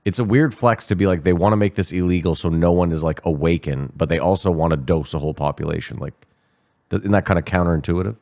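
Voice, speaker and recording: A man with a very low, deep voice chatting on a casual podcast. He pushes back, questions claims and calls them out in a dry, skeptical way. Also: a little mellow. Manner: skeptical, quick to push back. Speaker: podcast co-host.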